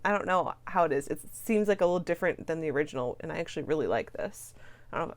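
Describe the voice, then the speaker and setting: A woman hosting a reaction video, gushing and excitable, swearing freely and trailing off into fillers. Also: low voice, quick pace. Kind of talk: casual reaction commentary.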